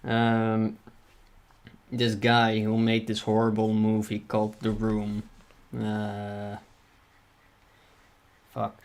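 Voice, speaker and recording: A man hosts a livestream and chats casually while drawing. His voice is low-pitched and stays fairly flat. He rambles, corrects himself mid-thought and swears now and then. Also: a little slow, vocal fry. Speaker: livestream host.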